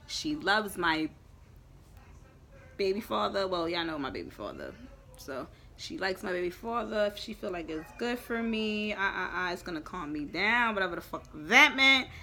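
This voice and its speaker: A young woman telling a storytime in a lively, profane, emphatic way. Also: lowish voice, normal speed, creaky, slight background noise. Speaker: vlogger. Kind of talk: storytime chat.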